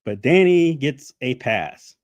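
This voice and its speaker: Male streamer, casual heated rant, profane and sarcastic, very lively pitch, dry close sound. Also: slow, dry recording. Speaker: channel host.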